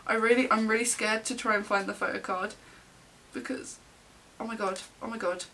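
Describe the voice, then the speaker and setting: A young woman gushes through an excited unboxing, gasping and squealing between breathless comments. Her voice is bright and sharp. She sits a little away from the mic, with a faint hiss behind her. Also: mid-range voice, moderate pace, vocal fry, recorded from a distance. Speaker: vlogger.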